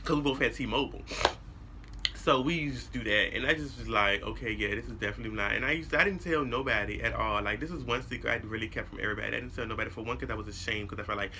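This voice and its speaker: A young man telling a personal story to his viewers in a casual, animated way, blunt and full of cursing. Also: mid-range voice, rapid-fire, background noise. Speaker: vlogger.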